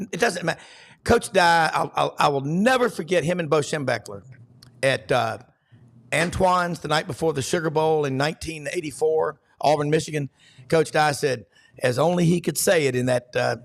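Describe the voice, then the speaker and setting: A man's voice: a little high, moderate pace, creaky. A man hosting a sports talk show who tells long, folksy stories and lets his talk wander from one anecdote to the next. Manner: folksy storyteller, rambling anecdotes.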